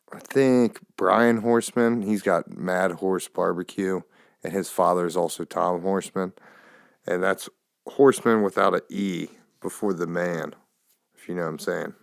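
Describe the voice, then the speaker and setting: A man with a very low, gravelly voice rambles through a casual podcast monologue, swearing offhandedly. The sound is dry and close, recorded on a phone. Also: no room sound. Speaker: podcast host. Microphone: phone camera.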